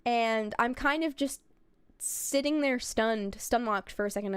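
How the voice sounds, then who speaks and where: A woman's voice: high-pitched, expressive, a little slow, a bit bright, smooth, no room sound. A young woman streamer telling a rambling travel story in a casual, chatty way, laughing and swearing. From United States.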